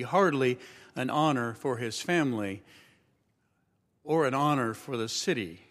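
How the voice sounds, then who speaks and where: A man preaching a sermon as a pastor, telling the story with relaxed humor and acting out what people say. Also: medium pitch, measured pace, long pauses, in a large hall. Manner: storytelling, acts out quoted voices.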